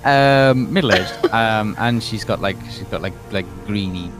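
A man's voice: lowish voice, measured pace, over music. A man narrating a tabletop game as game master, rambling with many fillers.

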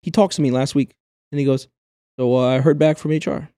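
A young man talks fast in casual podcast chat and swears freely as he tells a work story. His voice sits a little high, with a mellow tone. The room is dry and close. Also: steady tone, no room sound. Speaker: podcast co-host.

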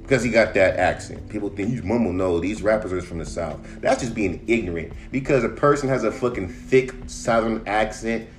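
A man's voice: fairly low pitch, brisk, hardly any pauses, faint music behind. A man ranting casually on a podcast, emphatic and full of profanity. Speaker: podcast host.

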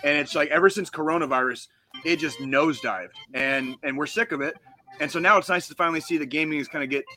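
A man's voice: on the high side, fast, bright, forceful tone, soft background music. A man co-hosting a podcast in casual chat, ranting heatedly with heavy swearing and frequent restarts. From United States. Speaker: podcast co-host.

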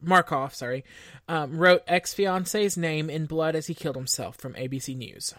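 Woman, podcast co-host, lowish voice, dry close sound, matter-of-fact and wry. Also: normal speed, no echo. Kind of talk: casual true-crime chat.

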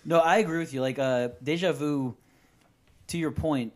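A man's voice: fairly high pitch, normal speed. A man from New Orleans co-hosting a podcast, making dry remarks and telling anecdotes. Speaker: podcast co-host. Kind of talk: casual chat.

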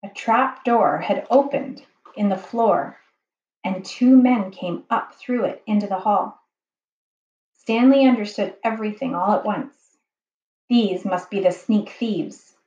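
Woman, children's book read-aloud, slow careful storyteller, roomy lo-fi recording. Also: medium pitch, darkish tone. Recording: dull, roomy home recording.

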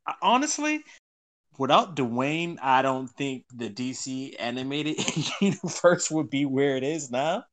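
Excitable, emotional man on a podcast. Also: medium pitch, unhurried. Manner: excitable, emotional, laughs often. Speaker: podcast guest. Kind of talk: casual podcast chat.

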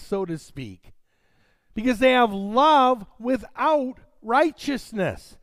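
In a very high voice, captured in a dry recording, a preacher dramatically reads scripture and addresses his congregation directly.

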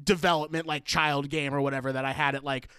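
A young man hosts a casual talk show, animated and laughing as he tells his stories. His voice sits high and clear, and the sound is dry and close. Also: quick pace, dry recording. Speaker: podcast host. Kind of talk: casual chat.

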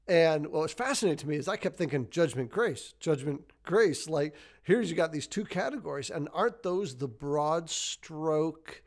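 A man with a fairly high voice responds thoughtfully in a relaxed conversation. He circles back on his words, repeating short phrases to drive a point home. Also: normal speed, hardly any pauses. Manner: reflective, repeats phrases for emphasis. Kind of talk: casual theological discussion.

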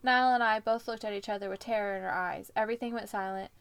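A woman co-hosting a podcast, reading fan fiction aloud with commentary and jumping up in pitch for the quoted lines. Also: steady tone, fast talker, creaky, a bit bright, smooth. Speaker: podcast co-host.

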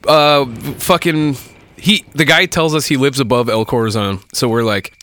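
A man's voice: medium pitch, moderate pace, dry recording. A man casually telling a story about a night at a bar, swearing freely and acting out the voices of the people in it. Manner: profane, animated, acts out quoted voices.

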